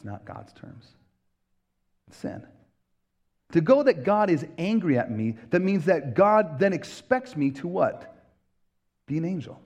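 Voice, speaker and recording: A man's voice: on the high side, a little mellow. A man hosting a podcast, delivering an earnest, emphatic preaching-style monologue and acting out quoted voices. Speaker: podcast host, pastor.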